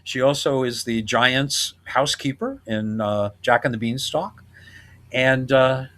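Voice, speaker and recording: Podcast host guy, mid-pitched voice, chuckles a lot while he recaps stuff. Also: fairly even intonation, a little slow, fairly bright tone, a little hiss or hum. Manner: enthusiastic, laughs often while retelling scenes. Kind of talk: casual chat.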